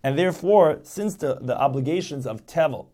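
A man's voice: a little high, lively intonation, normal speed, warm tone. A man teaching a text as a lecture, explaining step by step and rephrasing each point. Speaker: Talmud teacher.

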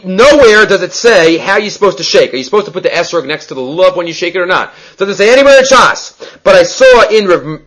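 A man giving a Talmud class, explaining quickly and with energy, mixing in Hebrew and Aramaic terms. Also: fairly high pitch, a bit bright, poor audio. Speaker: Talmud teacher.

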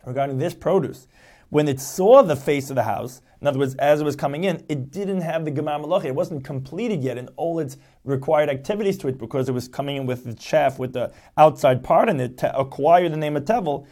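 Male teacher, fairly high voice with a mellow tone, methodical lecture delivery, restates each point. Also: fairly quick. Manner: explains step by step, rephrasing each point. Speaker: Talmud teacher. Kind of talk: lecture explaining a text.

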